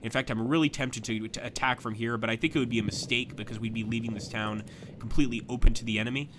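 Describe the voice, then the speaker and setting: A man commentating his own live stream of a strategy game, chatting to viewers as he plans moves, with sudden bursts of excitement. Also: mid-range voice, fast talker, background noise.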